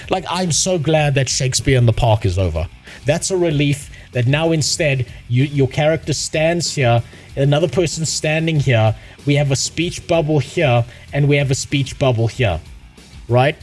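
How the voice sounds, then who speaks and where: Male streamer, profane sarcastic game rant, upper-middle pitch, soft music underneath. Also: normal speed. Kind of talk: casual live-stream rant.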